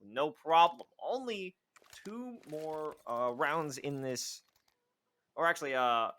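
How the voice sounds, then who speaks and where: Play-by-play esports caster, man, bright and sharp, slightly high, gets excitable on big plays. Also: takes it slowly. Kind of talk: live esports play-by-play commentary.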